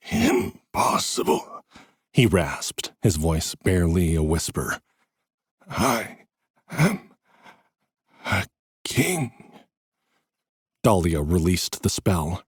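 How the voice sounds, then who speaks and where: A man reading a fantasy audiobook in dramatic, expressive narration. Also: low voice, slightly rough, dry recording, clean studio sound.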